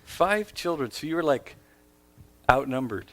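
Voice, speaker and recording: A man's voice: mid-range voice, lively intonation, measured pace, fairly bright tone. A man hosting an interview, playful and joking, who sums up his guest's story and asks her questions. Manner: playful, jokes and laughs with the guest. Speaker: host, interviewer. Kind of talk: conversational interview.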